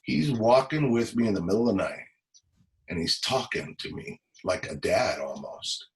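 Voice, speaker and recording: A man in his forties, a former police officer, telling a personal story as a podcast guest, halting and emotional, often repeating words. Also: fairly low pitch, sing-song, rough recording. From Los Angeles. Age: 40s.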